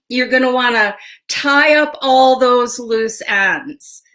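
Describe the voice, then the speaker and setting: A high-voiced woman chats through a casual livestream as a tarot show host, greeting viewers one by one and laughing easily. She talks at an unhurried pace and sounds a little stuffy from a sinus cold. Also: fairly bright tone. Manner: chatty, greets viewers by name, laughs often.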